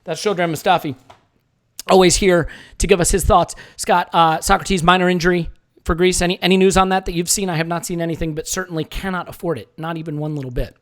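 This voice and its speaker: A man's voice: high-pitched, steady tone, fast talker, fairly bright tone. A man hosting a live sports podcast, jokey and rambling. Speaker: podcast host.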